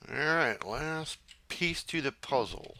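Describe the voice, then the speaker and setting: A man's voice: on the high side, expressive, takes it slowly, creaky, bright, forceful tone, a little hiss or hum. A young man casually commentating his own video game session at home, rambling and easygoing. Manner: rambling, easygoing, talks to his cat between game remarks. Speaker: gamer. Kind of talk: casual let's play commentary. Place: home, at the computer.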